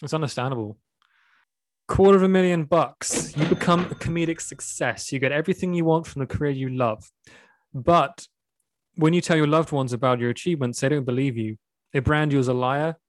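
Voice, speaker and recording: A man's voice: fairly high pitch, brisk, no echo. A man from Sweden, hosting a podcast and teasingly quizzing his guest. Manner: teasing, playful quizmaster. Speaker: podcast host. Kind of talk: quiz-style podcast chat.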